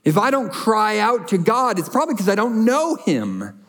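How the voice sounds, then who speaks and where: A man's voice: high-pitched, huge pitch swings, normal speed, a bit bright. A male pastor preaching a sermon in an earnest, emphatic way, building on repeated short phrases.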